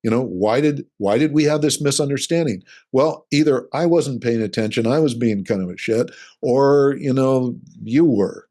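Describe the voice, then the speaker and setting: A man's voice: mid-range voice, normal speed, dark tone. A middle-aged man, a relationship coach, talking earnestly in an interview and explaining his ideas with acted-out examples. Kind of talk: casual interview conversation.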